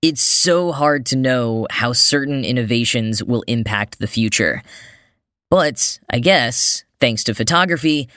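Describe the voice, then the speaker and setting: A man hosts a podcast, reading news stories and quoted articles from a script in a mid-range voice. His delivery is measured, with the odd dry, wry aside. The sound is close and dry, with no room echo. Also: mid-range voice, expressive, bright, forceful tone. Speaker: podcast host.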